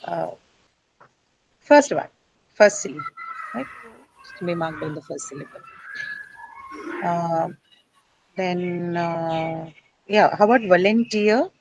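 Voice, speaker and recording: A woman's voice: lowish voice, takes it slowly, gravelly, pauses often, lo-fi sound, background noise. A woman teaching English word stress to a class. She explains step by step, often says "uh", and asks her students questions.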